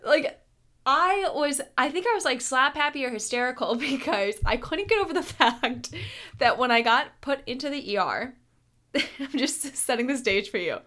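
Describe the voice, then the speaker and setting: Young woman, podcast host, slightly high voice, casual storytelling, animated, laughs often. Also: normal speed.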